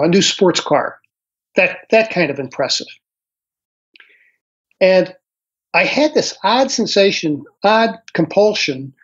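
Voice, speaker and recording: Older man telling a story slowly. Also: high-pitched. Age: 60s. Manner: slow, reflective storytelling with frequent pauses and fillers. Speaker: guest author. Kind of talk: recounting a personal experience. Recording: dull lo-fi audio.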